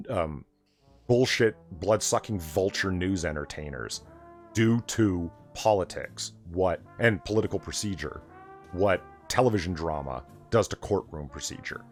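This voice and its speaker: A man's voice: deep voice, animated, moderate pace, faint music behind. A man hosting a late-night casual chat, talking in a sardonic, profane rant. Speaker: host.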